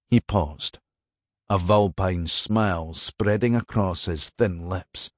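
A man narrating a dramatic novel as an audiobook, measured and expressive. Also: deep voice, dry recording, studio quality.

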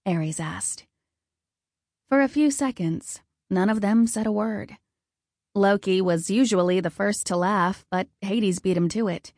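A woman narrating a first-person fantasy story in a calm, even storytelling manner. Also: medium pitch, measured pace, dry recording, studio quality. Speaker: audiobook narrator.

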